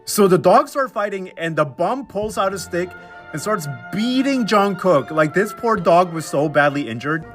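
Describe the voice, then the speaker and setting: Young male comedic recapper, slightly high voice, sarcastic slang delivery, faint music behind. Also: moderate pace. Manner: slangy, sarcastic, animated storytelling with mocking quoted voices. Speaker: recap commentator.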